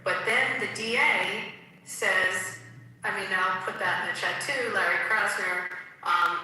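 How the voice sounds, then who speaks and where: A woman's voice: medium pitch, sharp tone. Indignant woman in an echoey room. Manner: indignant, rushes through news with fillers. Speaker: podcast panelist. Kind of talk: casual political chat. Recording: roomy, echoey, far from the mic, faint hiss.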